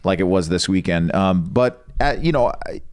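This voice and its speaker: Deep, lively-voiced rambling man. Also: normal speed, clear, resonant tone. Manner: rambling and profane. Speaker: podcast co-host. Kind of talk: casual chat.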